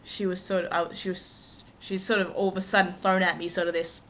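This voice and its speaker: A woman's voice: lowish voice, flat delivery, brisk, a bit bright, slight background noise. A young woman vlogger telling a personal story to camera in a chatty, rambling, self-mocking way with lots of asides.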